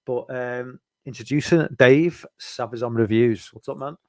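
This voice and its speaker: A man's voice: medium pitch, normal speed, a little mellow, no echo. A man hosting a casual movie chat, rambling with lots of fillers and restarts. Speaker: podcast host.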